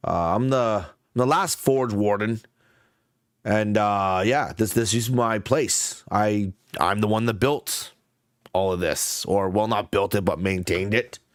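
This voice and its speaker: A man's voice: on the low side, slow, no room sound, clean studio sound. A man voicing the ghost of a broad-shouldered, bearded male smith who talks in a hearty, rambling way. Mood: friendly. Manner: hearty, casual, rambling with fillers.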